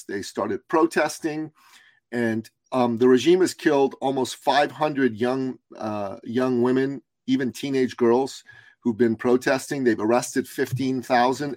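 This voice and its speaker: A man's voice: medium pitch, a little mellow, dry recording, rough recording. Passionate middle-aged man, dry sound. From Iran. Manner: passionate, emphatic storyteller. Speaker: guest, business coach. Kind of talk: podcast interview.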